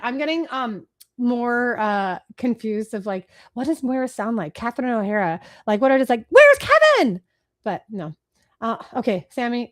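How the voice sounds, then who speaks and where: A woman in her thirties hosting a live marketing webinar from her computer, talking fast and rambling, self-deprecating, now and then trying silly voices. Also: on the high side. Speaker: webinar host, marketing speaker. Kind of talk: casual live webinar talk. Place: home office, talking to a computer.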